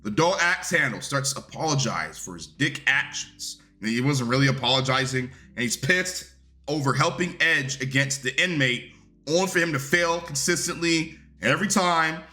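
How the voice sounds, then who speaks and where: A man's voice: fairly high pitch, animated, normal speed, sharp tone, faint music behind. A man reviewing a wrestling show in a casual recap rant, blunt, profane and dismissive.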